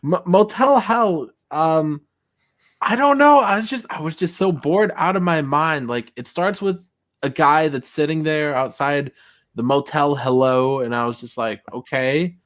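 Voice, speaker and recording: A man on a casual movie podcast who retells scenes in a rambling, halting way and laughs often. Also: on the high side, a bit bright. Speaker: podcast co-host.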